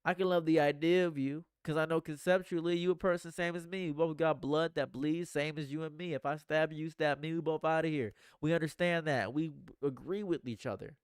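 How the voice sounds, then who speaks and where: A man's voice: fairly high pitch, fairly even intonation, fairly quick, few pauses, clear, resonant tone, no room sound, studio quality. A man talking earnestly to his live stream audience in a rambling, repetitive monologue. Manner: earnest, rambling, repeats phrases.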